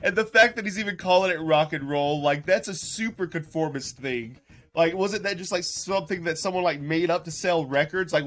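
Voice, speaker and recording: A male livestream host with a fairly high voice reacts to a clip in loose, casual commentary. He rambles, leans on "like" constantly and breaks into quick laughs. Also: fairly bright tone. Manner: rambling, heavy use of "like", laughs often, greets chat.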